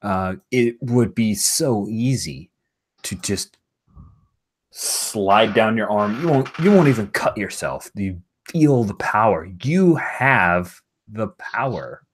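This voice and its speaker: A tempting magic sword murmurs to its holder in a slow, coaxing, low-pitched male voice, put on by a man running a tabletop game. It lingers on each phrase and draws it out to lure the listener in. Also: expressive.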